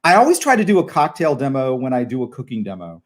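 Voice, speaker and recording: A man's voice: mid-range voice, fast. Chatty male host on a video call. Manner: chatty, relaxed, many fillers. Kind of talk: casual video call interview.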